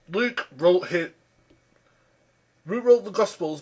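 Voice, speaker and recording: Speaking at a normal speed in a voice on the high side, a man delivers an argumentative YouTube response. Exasperated, he keeps calling his opponent by name and restarts his sentences while building his case.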